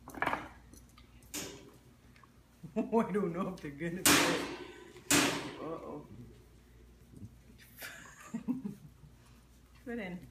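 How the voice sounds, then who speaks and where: Slow, coaxing woman talking to her dog. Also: mid-range voice. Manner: coaxing, giggly, talking to a pet. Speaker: pet owner. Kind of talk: casual home video talk to a dog. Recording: noisy home camera recording.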